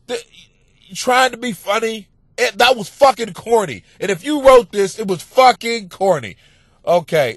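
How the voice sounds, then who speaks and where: Male comic podcast host, high voice, crude rant, dead-dry booth sound. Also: no echo. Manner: crude, ranting, swings into yelling and laughter. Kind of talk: profane comedic monologue.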